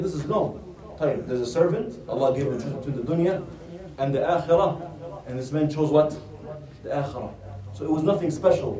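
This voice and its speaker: A man's voice: on the high side, dark tone. A man teaching a religious lesson, retelling a story and answering his own rhetorical questions. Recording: roomy sound from a distant mic.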